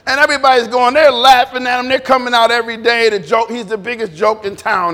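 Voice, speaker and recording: High-voiced preacher in a reverberant hall. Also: male voice, fast talker, few pauses. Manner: animated, repetitive, conversational preaching. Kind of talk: informal sermon with congregation responses. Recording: long reverb in a church hall.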